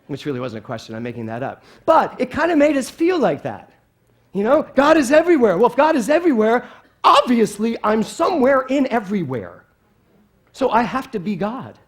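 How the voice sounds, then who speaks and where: Lively, playful minister preaching. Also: male voice, sits high. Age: middle-aged. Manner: animated, playful, asks the congregation questions. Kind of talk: sermon. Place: spiritual center with congregation.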